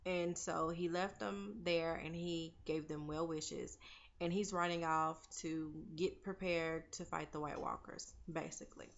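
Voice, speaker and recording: A young woman recaps a TV episode in a chatty, opinionated way, calling her viewers "girl" and "y'all" as if they were friends. Her voice sits on the low side for a woman. The recording sounds dull and lo-fi. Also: fairly even intonation, unhurried, gravelly. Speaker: TV recap vlogger.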